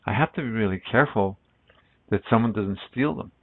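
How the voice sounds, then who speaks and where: A man quoting a fickle wealthy woman in his own gravelly voice, heard on lo-fi phone-like audio. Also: fairly low pitch, brisk, no room sound. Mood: worried.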